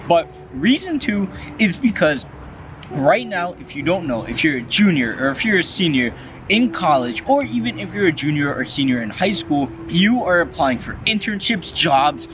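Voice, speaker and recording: A man's voice: a little high, sing-song, normal speed, background noise. A young man, a college student, talking candidly to his phone while walking outdoors in the cold, out of breath and swearing casually. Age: young adult.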